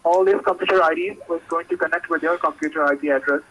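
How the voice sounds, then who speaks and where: Guy on a tinny phone line doing a pushy tech support script, high bright voice, broken english. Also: fast, no echo. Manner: insistent, broken English phrasing. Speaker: fake tech support caller. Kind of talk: scripted sales pitch over the phone.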